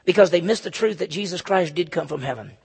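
Husky, high-voiced man preaching. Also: expressive, fast. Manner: emphatic, repeats key phrases. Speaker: pastor. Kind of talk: expository sermon. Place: church with a congregation.

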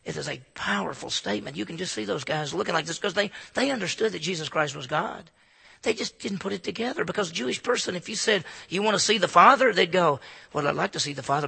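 A man preaching with emphatic force, his high voice gravelly and husky. His bright, sharp tone rings out with a long reverb, as from a church sanctuary. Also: animated, quick pace. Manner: emphatic, rising to loud repeated phrases. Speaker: pastor. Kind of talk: sermon.

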